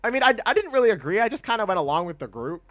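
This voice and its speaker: A man's voice: high-pitched, very animated, rapid-fire, fairly bright tone. Chatty young man streaming a game. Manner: laid-back, chatty, laughs often, reads chat aloud. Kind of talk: casual livestream chat while gaming.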